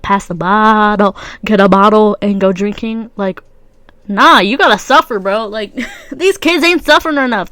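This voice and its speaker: A young adult woman with a stuffy nose hosts a casual solo podcast, rambling in heavy slang with many fillers. Her voice is on the high side with a fairly bright tone, and there's no room sound.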